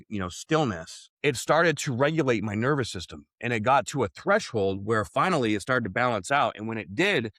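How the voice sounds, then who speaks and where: A man's voice: medium pitch, fairly bright tone, no room sound. A man speaking as a podcast guest, telling his story in an earnest, reflective way, with frequent "like" and "right?" in his casual speech.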